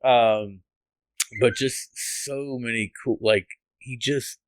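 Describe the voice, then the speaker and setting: A man's voice: medium pitch, fairly even intonation, slow, no room sound. A man guest on a podcast, telling an emotional personal testimony in an earnest, rambling way with restarts and laughs, from the United States.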